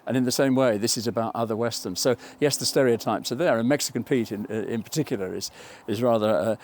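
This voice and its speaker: A man's voice: mid-range voice, quick pace, darkish tone, slight background noise. An older man from England, a film writer, talking thoughtfully in a documentary interview, wandering off on tangents and correcting himself. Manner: thoughtful, digressive, with self-corrections.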